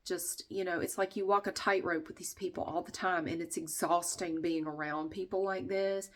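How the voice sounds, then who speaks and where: A woman's voice: fairly low pitch, steady tone, normal speed. A woman vlogger chatting casually, stuffy and nasal, short of breath, venting bluntly and swearing freely. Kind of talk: casual chat to camera.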